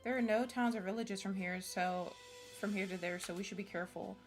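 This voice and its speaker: A woman's voice: medium pitch, fairly quick, faint music behind. A woman streamer reading a visual novel's text aloud, with casual asides. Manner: reads every part herself, casual asides. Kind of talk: reading game dialogue aloud.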